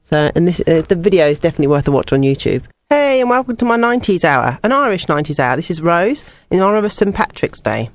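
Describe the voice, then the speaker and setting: A woman's voice: lowish voice, sing-song, quick pace, few pauses, no echo. A young woman presenting a student radio music show, chatty and personal between songs.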